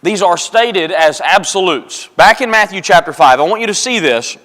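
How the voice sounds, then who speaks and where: In a church auditorium, a man whose voice sits high and a bit bright preaches at normal speed with lively intonation. He's emphatic, repeating phrases for stress and calling his congregation folks and brethren, all under the long reverb of a church hall.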